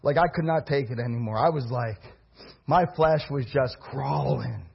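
A man preaching a sermon as pastor, alternating impassioned preaching with quiet personal storytelling. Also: mid-range voice, moderate pace, vocal fry, breathy edge, dull audio.

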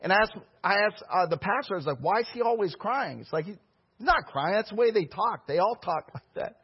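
A man preaching a sermon, telling stories in a lively, conversational way to his congregation. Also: sits high, brisk, breathy edge. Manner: storytelling preacher, animated and conversational. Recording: dull lo-fi recording.

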